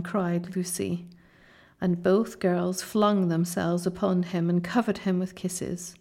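Woman narrator reading a classic children's story, unhurried, a creaky edge, soft delivery. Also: lowish voice, flat delivery. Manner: slow, soft storytelling, often near a whisper. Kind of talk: audiobook reading.

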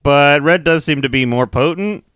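A man's voice: fairly high pitch, normal speed, clean tone, no room sound, clean studio sound. A man co-hosting a casual movie review podcast, laughing and swearing as he retells scenes. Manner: laughing, profane, animated storytelling. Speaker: podcast co-host.

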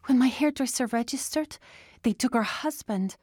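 Woman doing a squeaky, anxious woman. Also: expressive, unhurried, warm tone, slightly rough, no room sound, clean studio sound, heavily acted. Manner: high, wavering.

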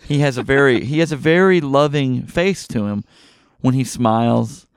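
A man's voice: medium pitch, normal speed, clean tone, no room sound, studio quality. Rambling middle-aged male podcast host. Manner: rambling, excitable retelling with many fillers and restarts. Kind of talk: casual movie podcast chat.

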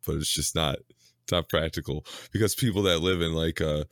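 A man in casual chat, eager, quick to joke and laugh along. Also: rumbling low, fairly even intonation, a bit bright, no room sound, studio quality.

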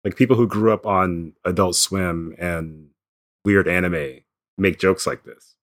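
A man co-hosting a comics podcast in relaxed casual chat, laughing often. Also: low voice, measured pace, dry recording, clean studio sound. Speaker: podcast co-host.

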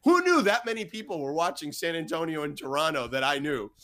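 A man's voice: a little high, fairly quick. A man from the United States, a sports reporter, telling anecdotes as a podcast guest and acting out the dialogue. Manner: lively anecdote-teller who acts out quoted dialogue. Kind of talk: storytelling in a podcast interview.

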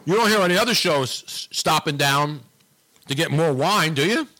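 A man hosting a talk show in loose, wisecracking banter. His voice is bright and sits a touch high, and he rambles and teases his co-hosts as he goes. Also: lively intonation, moderate pace. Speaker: radio talk show host. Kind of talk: casual on-air banter.

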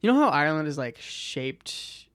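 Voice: mid-range voice, very animated, moderate pace, fairly bright tone, no room sound. Rambling young podcast host, dry sound. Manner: rambling, trails off and restarts, laughs often. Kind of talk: casual podcast chat.

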